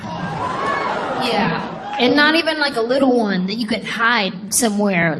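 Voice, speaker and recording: A woman's voice: on the high side, huge pitch swings, takes it slowly, long pauses. A woman doing a stand-up comedy routine on stage, telling stories and acting out childhood voices. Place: comedy stage before a live audience. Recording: live show with crowd and noise.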